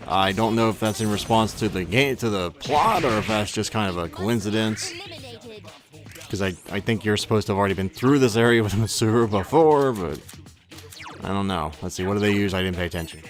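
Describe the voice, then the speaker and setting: A deep-voiced man talks through his gameplay in a loose, rambling way. He often stops to correct himself and chuckles at his own remarks. Faint game music plays behind him. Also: a little fast. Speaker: let's play gamer. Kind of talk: casual gameplay commentary.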